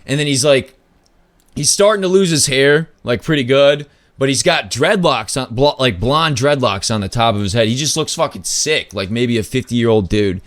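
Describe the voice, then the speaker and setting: A man hosting a podcast, telling a story in a loose, casual way, full of "like" and swearing, with sudden pitch jumps when he acts out other people. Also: animated, moderate pace, a bit bright, no echo, clean studio sound. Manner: loose, filler-heavy talk with lots of "like" and swearing. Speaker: podcast host.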